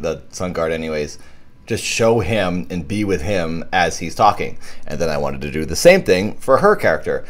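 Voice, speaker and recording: A man hosting a live stream, chatting casually about his own short film and thanking donors. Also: low voice. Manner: rambling, animated, thanks donors warmly. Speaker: filmmaker hosting a live viewing commentary.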